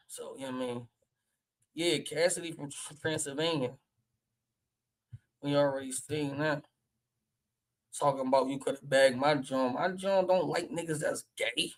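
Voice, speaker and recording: A man with a Philadelphia accent hosting a casual livestream, brash and loud, trash-talking and laughing often. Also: mid-range voice, fairly even intonation, normal speed, pauses often, low-quality recording. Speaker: livestream host.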